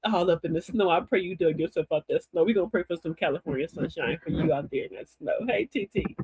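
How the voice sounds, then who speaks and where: A woman's voice: lowish voice, quick pace, darkish tone, husky, no echo. An older woman hosting a live stream, giving a folksy, preachy, uplifting talk straight to her chat viewers.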